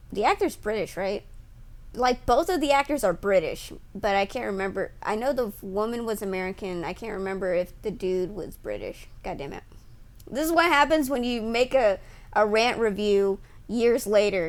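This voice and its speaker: A woman's voice: medium pitch, animated, normal speed. A woman ranting in a movie review vlog, rambling with many fillers and restarts and growing exasperated. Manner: grows heated and exasperated, laughs at her own slips. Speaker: vlogger reviewing a film.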